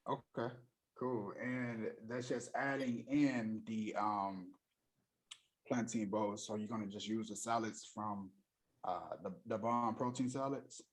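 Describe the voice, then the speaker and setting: A man's voice: fairly low pitch, fairly even intonation, slow. A male nutrition coach on a video call, upbeat and encouraging, checking in on his client's plan. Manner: upbeat, encouraging, wraps up with "okay, cool".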